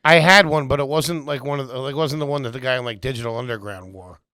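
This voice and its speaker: A man co-hosting a podcast, teasing and deadpan in casual banter. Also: mid-range voice, fast, clean tone, dry recording. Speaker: podcast co-host. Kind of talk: casual chat.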